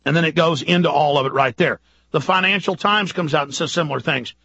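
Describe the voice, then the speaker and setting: High-pitched ranting male host. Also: creaky, bright, forceful tone, slightly rough, no echo, highs cut off. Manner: urgent, ranting, rapid-fire rhetorical questions. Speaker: radio host. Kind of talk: impassioned political monologue.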